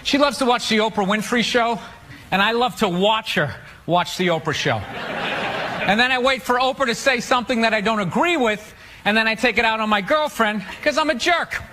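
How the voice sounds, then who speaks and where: A man doing a stand-up comedy routine with sarcastic, deadpan mockery. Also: high-pitched, fairly quick, a little hiss or hum.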